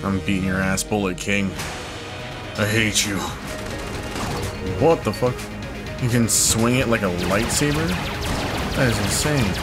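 A young man giving casual gameplay commentary, swearing a lot and swinging into excitable, frustrated outbursts. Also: lowish voice, measured pace, long pauses. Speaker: gamer. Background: game music.

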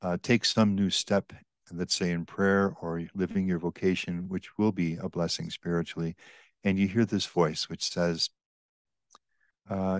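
Low-voiced older priest, measured and earnest. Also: male voice, little pitch movement, dry recording. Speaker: priest and author, podcast guest. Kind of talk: explaining spiritual teaching in conversation.

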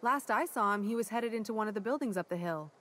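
A woman's voice: on the high side, animated, quick pace, fairly bright tone, slight background noise. An actress playing a cheerful, folksy woman who recruits for a commune in a video game, chatty and eager to please. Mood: friendly.

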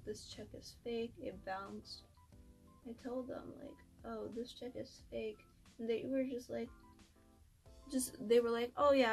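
A young woman telling a story in casual chat, slangy and filled with "like," swearing freely. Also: on the high side. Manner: slangy, swears, many likes. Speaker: beauty vlogger.

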